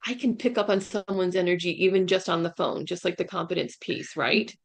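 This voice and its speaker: With a fairly low, creaky voice, a steady tone and a slightly fast pace, a woman career coach presents a webinar over video call as a guest speaker. She is emphatic and keeps asking "right?"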